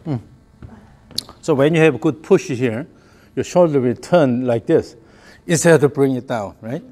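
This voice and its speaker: A man's voice: mid-range voice, a little slow, dark tone. A man giving a hands-on golf lesson, explaining the swing and calling out short repeated cues in rhythm. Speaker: golf coach.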